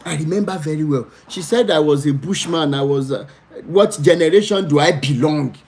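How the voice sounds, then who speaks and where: Nigerian male host, spoken storytelling with emphatic pleading and lively pitch jumps. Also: moderate pace. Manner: pleading, animated storytelling with dramatic pitch swings. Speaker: livestream host. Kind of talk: storytelling to live viewers.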